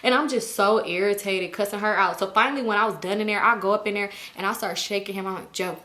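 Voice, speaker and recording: A woman telling a personal story to her viewers in a casual vlog, blunt and profane, with a dramatic, animated delivery. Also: medium pitch, fast talker. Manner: blunt, profane, emphatic retelling. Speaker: storytime YouTuber.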